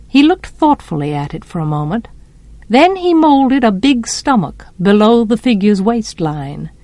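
Brief: woman audiobook narrator, slow and lively in pitch, dry close recording. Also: no room sound. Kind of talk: storybook narration.

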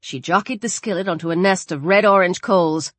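A woman reading a horror story aloud in a measured, dramatic narrating style. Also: lowish voice, no room sound. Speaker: audiobook narrator.

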